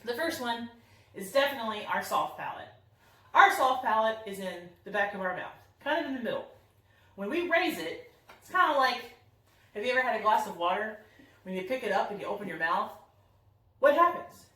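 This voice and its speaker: During a singing lesson demonstration, a young woman teaching voice explains technique cheerfully and warmly, her voice a little high, sharp and expressive. She talks a bit fast but leaves long pauses, and the distant mic catches a roomy echo.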